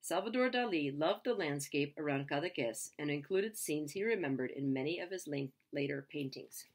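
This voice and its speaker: A woman reading a children's picture book aloud in a lively, expressive way. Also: deep voice, moderate pace. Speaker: reader.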